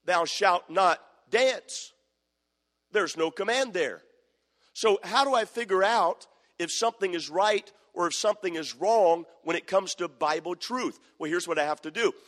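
A man's voice: high-pitched, normal speed, fairly bright tone. A man preaching a sermon, firmly repeating questions to the congregation and quoting verses in old scripture wording. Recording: long hall reverb.

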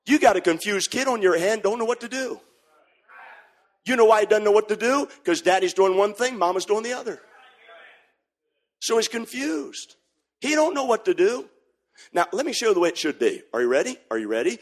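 Man, high-pitched, sermon, shouting bursts, sing-song. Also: lively intonation, a little fast, pauses often. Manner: shouting, sing-song preaching with sudden drops to a hush. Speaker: preacher.

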